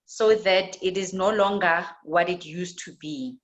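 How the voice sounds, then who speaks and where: A woman's voice: lowish voice, a little slow, muffled recording. A woman with a South African accent teaching a church women's leadership class, often repeating words and asking "right?". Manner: tag questions, repetitions. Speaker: women's ministry trainer.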